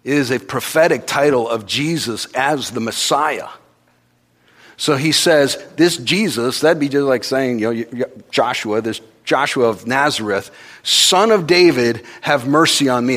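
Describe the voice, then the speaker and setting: A man with a slightly high voice preaches a sermon conversationally. He swells into loud, urgent passages and then falls back to quiet, intimate moments.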